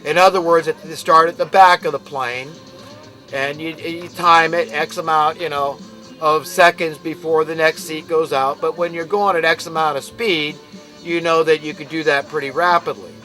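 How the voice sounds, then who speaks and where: An American man with a high, bright voice delivers an impassioned monologue. He talks in an emphatic, preachy way and rants, while faint music plays underneath. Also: steady tone, moderate pace, poor audio. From United States. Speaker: commentator.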